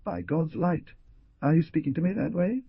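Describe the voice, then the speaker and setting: A man's voice: high-pitched, very animated, moderate pace, slightly rough, dry recording, pitched above the performer's own voice, full character voice. Cunning insolent ruffian, read by a man. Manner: insolent, brutal. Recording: dull dry lo-fi recording.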